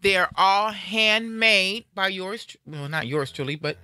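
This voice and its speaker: A woman's voice: mid-range voice, a little slow, pushed and bright, dry recording, studio quality. Upbeat woman hosting a live show. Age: middle-aged. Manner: upbeat and playful. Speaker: radio show host. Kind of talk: casual live show chat.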